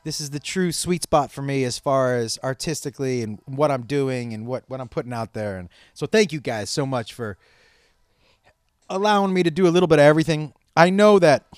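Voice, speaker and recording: A man's voice: medium pitch, a little fast, dry recording, studio quality. A man hosting his own podcast as a comedian, in a casual, profane, rambling way with laughing asides. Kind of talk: casual solo podcast chat.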